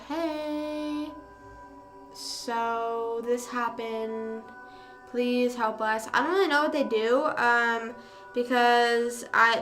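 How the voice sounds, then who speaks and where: Bright rambling young woman streamer. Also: fairly high pitch. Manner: rambling, filler-heavy, swears casually. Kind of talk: casual chat storytelling.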